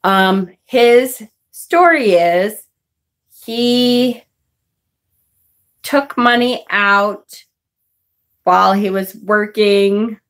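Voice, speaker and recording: A woman's voice: medium pitch, extremely slow, long pauses. A woman vlogger telling a personal story in a casual, chatty way, swearing and laughing often.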